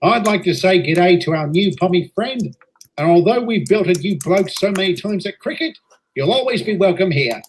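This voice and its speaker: A boisterous Australian train engine, put on by a man, running a meeting with a rowdy, slangy bluster. His voice sits high and leaps wildly up and down as he chants and jeers. It is a broad, cartoonish comedy voice. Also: animated, normal speed, slight background noise.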